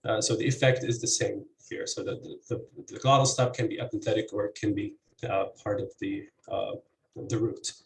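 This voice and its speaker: A man giving an academic conference presentation, halting and full of fillers and restarts. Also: on the low side, steady tone, gravelly, reverberant, rough recording. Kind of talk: academic presentation over video call.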